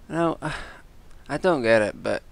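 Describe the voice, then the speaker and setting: A man's voice: mid-range voice, lively intonation, slow pace, gravelly. A man giving casual, rambling predictions and reviews, exasperated and swearing freely as he talks. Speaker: wrestling commentator and vlogger.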